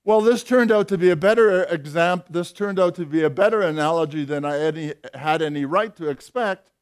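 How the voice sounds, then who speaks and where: A man's voice: on the high side, fairly quick, clear, resonant tone. Older man giving a physics lecture. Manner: explanatory, dry wry humour, hesitant fillers. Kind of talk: academic lecture.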